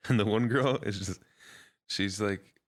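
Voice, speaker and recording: A young man speaks in a deep, low voice while co-hosting a podcast. He keeps the banter loose and laughs often, with dry one-liners mixed in. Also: a little slow. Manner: laughs a lot, throws in deadpan jokes. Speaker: podcast co-host. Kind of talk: casual banter.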